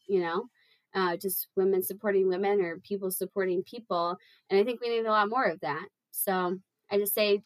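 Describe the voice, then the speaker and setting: A young woman fitness coach talks casually on a podcast, upbeat and encouraging, with plenty of "um" and "like". Her pitch sits mid-range and the sound is close and dry. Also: no echo, poor audio. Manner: rambling, filler-heavy, encouraging.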